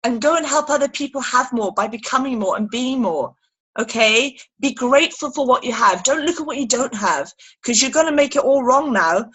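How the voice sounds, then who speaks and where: Bright, husky high-voiced woman. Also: normal speed, rough recording. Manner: animated, emphatic, acts out little scenes. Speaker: sales team leader. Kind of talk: motivational training talk. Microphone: video call.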